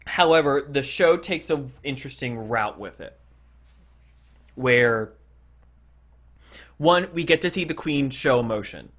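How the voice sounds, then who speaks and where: A man's voice: mid-range voice, measured pace, long pauses. A man co-hosting a podcast, casually reviewing a TV episode and acting out its scenes as he retells them. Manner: animated retelling, acting out quotes. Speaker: podcast co-host.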